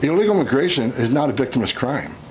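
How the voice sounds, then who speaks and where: Older man, official, impassioned remarks, mid pitch, faint noise behind. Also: big pitch swings, fast, darkish tone, rough recording. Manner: earnest, intense, driving. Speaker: government official in a played clip. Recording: clip with faint background noise.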